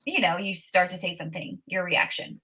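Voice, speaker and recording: A woman with a bright, forceful voice talks in a relaxed interview. She lays out her method step by step, in an earnest tone. Now and then she speaks a prayer aloud as if in the moment. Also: on the low side, brisk, slightly rough, low-quality recording. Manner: Christian faith talk. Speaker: author and coach, podcast guest. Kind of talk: casual interview talk.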